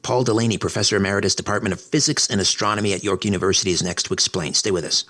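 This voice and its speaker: A man hosting a talk radio show in a low, husky voice. He chats easily with his guests and moves the program along with friendly segment wraps. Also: rapid-fire, a bit bright. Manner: conversational, affable, wraps segments.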